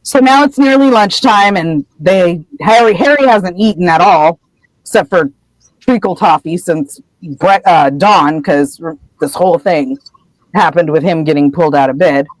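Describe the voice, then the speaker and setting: A podcast co-host casually retelling a book chapter, acting out the characters' lines with lively energy. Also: medium pitch, normal speed, no room sound, poor audio. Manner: animated storyteller acting out quotes.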